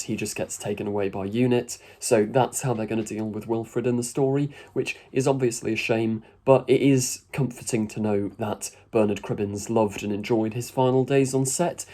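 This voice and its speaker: A man's voice: lowish voice, steady tone, moderate pace, hardly any pauses, mellow. A man giving a chatty, rambling video review with casual asides. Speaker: YouTube reviewer.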